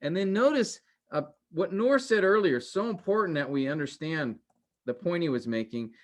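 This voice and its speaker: Higher-voiced man teaching a class. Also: animated, normal speed. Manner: conversational, quizzes students with questions. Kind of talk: interactive class lecture.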